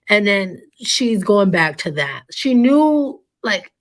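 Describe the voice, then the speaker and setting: A young woman talks through chat messages at a mid pitch. She reads them out, then reacts casually and loosely, stalling on repeated words as she thinks. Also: big pitch swings, slow, hardly any pauses. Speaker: commentary YouTuber. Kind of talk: reading messages aloud and reacting.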